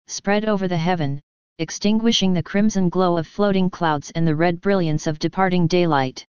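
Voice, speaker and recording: A woman reading an audiobook story in a slow, measured narration. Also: lowish voice, a little mellow, clear, resonant tone, no echo, dull audio. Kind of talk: scripted narration.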